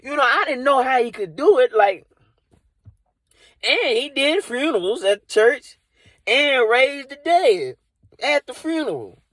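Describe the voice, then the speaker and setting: A man's voice: very high voice, big pitch swings, measured pace, pauses often, a bit bright, dry recording. Man, improv comic, rambling, filler-heavy, inside a car, dry sound. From Dallas area. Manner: rambling, loaded with "you know" and "like". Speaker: comedian. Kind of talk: improvised comedy monologue.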